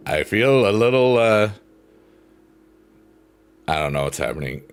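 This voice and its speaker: Goofy middle-aged man, slow lively talk. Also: on the low side, clear, resonant tone. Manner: goofy and joking. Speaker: livestream host. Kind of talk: casual livestream chat reading comments. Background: soft piano music.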